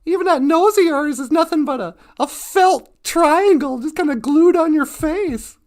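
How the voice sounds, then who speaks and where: A man's voice: very high voice, expressive, unhurried. A man doing a sly, teasing fox. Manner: teasing, brash and chatty. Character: sly joking male fox, egg thief.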